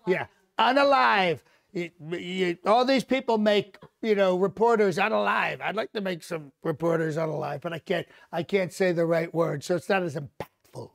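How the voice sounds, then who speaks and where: A man's voice: high-pitched, moderate pace, creaky. A man doing a boastful blustering old politician. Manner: bragging, repetitive, rambling asides. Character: boastful older male politician, blustering and rambling. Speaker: comedian hosting a live mock press conference. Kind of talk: live comedic impression.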